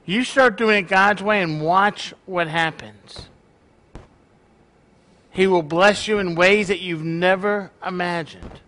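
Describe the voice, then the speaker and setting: A man's voice: high-pitched, slow, sharp tone. A male pastor preaching a sermon in a joking, conversational way to his congregation.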